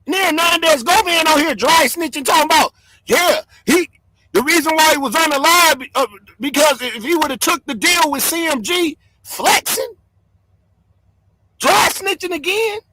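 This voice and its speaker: High-pitched yelling man. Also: moderate pace. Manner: yelling, fired-up, cursing. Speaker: livestream host. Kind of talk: loud commentary livestream. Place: home.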